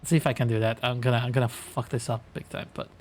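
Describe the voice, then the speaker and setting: A man's voice: mid-range voice, steady tone, quick pace, a little mellow. A young man streaming a game live, chatting casually, thinking aloud, trailing off and chuckling often.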